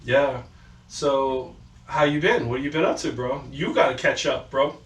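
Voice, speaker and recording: A man's voice: mid-range voice, measured pace. Podcast host, male, casual storyteller, does voices for quotes, roomy distant mic sound. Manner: loose storytelling, quoting people in put-on voices. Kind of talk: casual chat. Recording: echoey room, far from the mic, faint noise.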